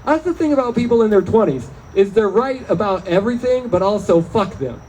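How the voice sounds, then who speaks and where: High voice, man, wry chatty stand-up, small club, faint insect noise. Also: lively intonation, a little fast, warm tone, low-quality recording. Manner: chatty, wry, riffing with the crowd. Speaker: stand-up comedian. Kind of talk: stand-up set. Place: small bar or club, live show.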